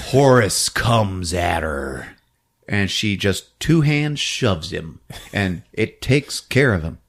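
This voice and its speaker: A man hosting a podcast, recapping a film in an animated, laughing storytelling style. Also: on the low side, slow pace. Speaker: podcast host.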